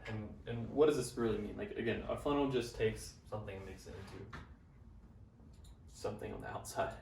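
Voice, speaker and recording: A man's voice: on the low side, fairly quick, gravelly, darkish tone. A young man casually explaining a business funnel at a whiteboard, upbeat and slangy. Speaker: business coach. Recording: roomy, from a distance, faint noise.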